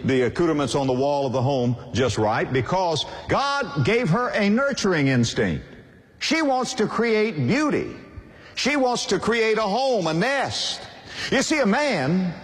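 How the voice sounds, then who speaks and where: Older guy preaching, voice swings up and down a lot, slightly high, big reverb. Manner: emphatic repetitive preaching cadence. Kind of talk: sermon. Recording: long hall reverb.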